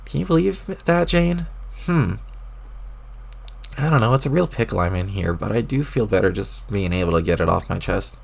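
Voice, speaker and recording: At a moderate pace, a man animatedly reads a webcomic aloud. He voices a clueless, rambling young male adventurer in a lowered, gravelly tone, full of old-timey folksy exclamations.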